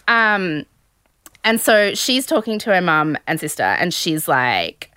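A woman's voice: fairly low pitch, lively intonation, unhurried, sharp tone, clean tone, no room sound, studio quality. A young woman hosting a podcast, casually recapping a show with sarcastic asides and acted-out quotes. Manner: sarcastic storytelling, acting out quotes. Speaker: podcast host.

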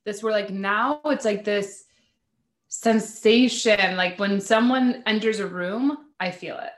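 A woman's voice: mid-range voice, slow, reverberant. A woman hosting a spiritual podcast, chatting casually and rambling with many "like" fillers. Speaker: podcast host.

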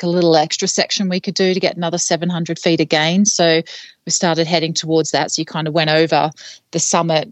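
A woman's voice: low voice, no room sound. A woman guest on a podcast, telling a story casually with many fillers and laughs between phrases. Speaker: podcast guest, trail runner.

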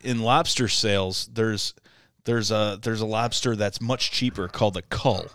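A man co-hosting a podcast, telling a story in a casual, animated, halting way. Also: lowish voice, clean tone, dry recording. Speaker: podcast co-host.

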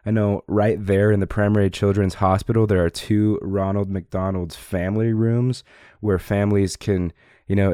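A young man hosts a podcast while sick, his voice deep, dark and strained. He talks casually and encouragingly, filling pauses with uh and you know. The recording is dry and close. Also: dry recording. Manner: upbeat, encouraging, with frequent fillers. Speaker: podcast host. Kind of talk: casual solo podcast talk.

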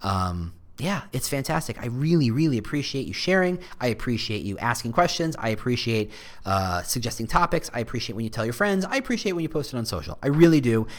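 A man's voice: medium pitch, fast. A man hosting a podcast, chatty and direct, with plenty of playful asides. His voice swings widely up and down as he talks. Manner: animated, jokey asides, speaks directly to listeners. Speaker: podcast host. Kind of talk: casual solo podcast monologue.

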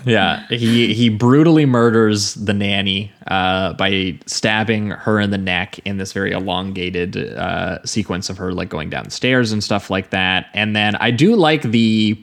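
A man with a fairly low voice co-hosts a casual film podcast. He rambles conversationally and keeps stopping and restarting his sentences. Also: measured pace, creaky, hardly any pauses, fairly bright tone. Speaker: podcast co-host.

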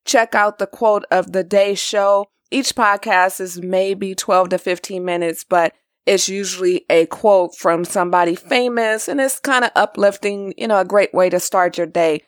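A woman's voice: mid-range voice, steady tone, moderate pace, no echo, studio quality. A woman hosting a podcast, talking in a chatty, upbeat way. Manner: chatty, upbeat, laughs easily. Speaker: podcast host. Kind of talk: casual chat.

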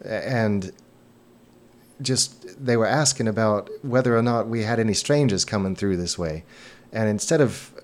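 A man's voice: fairly low pitch, darkish tone, close to an everyday voice. A man voicing a nervous young male inn attendant who speaks in a shaky, stammering voice. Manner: stammering, halting.

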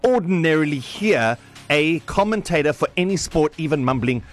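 A male breakfast radio host with a high, lively voice that leaps around as he talks. He hypes up his co-host with excitable banter. A faint music bed plays underneath. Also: moderate pace.

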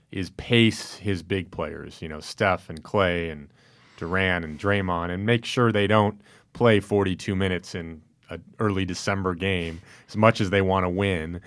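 A man discussing basketball in a measured way and asking his co-host questions. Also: deep voice, fairly even intonation. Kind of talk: casual sports discussion.

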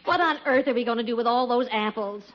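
A woman's voice: fairly high pitch, fast, close to an everyday voice. An actress playing a wry, patient wife and mother in a 1940s radio comedy who teases with dry wit, on a lo-fi old broadcast.

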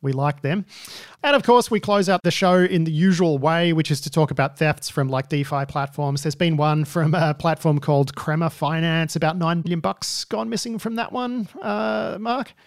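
A man's voice: a little high, normal speed, no room sound, clean studio sound. A man hosting a news podcast, chatting casually and wryly, with many fillers. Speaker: podcast host.

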